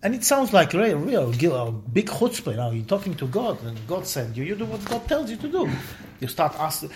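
Animated high-voiced male teacher. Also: moderate pace, slight background noise. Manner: animated, acts out quoted dialogue with rising emphasis; conversational, answers students' interjections. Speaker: Torah teacher. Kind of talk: teaching a weekly scripture class.

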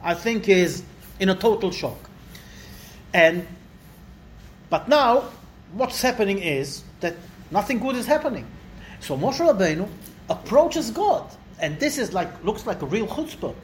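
An animated teacher leads a Bible lesson in an indoor room, the voice swinging widely from low asides up to high, dramatic quotes. A faint hiss sits under the recording. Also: a little slow, long pauses. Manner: animated, acts out quotes with rising pitch. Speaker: Torah teacher. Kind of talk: Bible lesson to a small class.

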